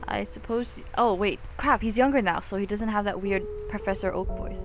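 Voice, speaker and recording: A young woman giving casual commentary while playing a game, chatty and jokey with sudden loud outbursts. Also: mid-range voice, steady tone, quick pace, hardly any pauses, over loud music. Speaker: let's play gamer.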